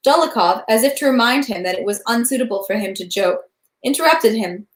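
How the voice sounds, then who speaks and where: A woman reading a novel aloud, steady with small slips and restarts. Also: on the high side, fairly quick, reverberant. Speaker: reader of a novel. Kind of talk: read-aloud narration.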